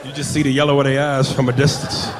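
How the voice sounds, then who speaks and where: A man's voice: mid-range voice, level tone, quick pace, background noise. A man doing a brash, profane stand-up routine on a comedy club stage. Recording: live club with crowd laughter.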